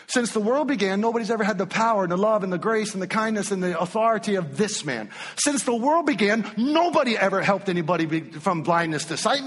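A male pastor preaching an animated, emphatic sermon to his congregation in a church. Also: high-pitched, slightly rough, in a large hall.

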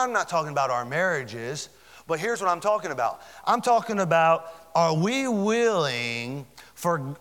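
A man's voice: on the high side, fairly bright tone, in a large hall. A man preaching a sermon as pastor, fervent and building in volume as he speaks.

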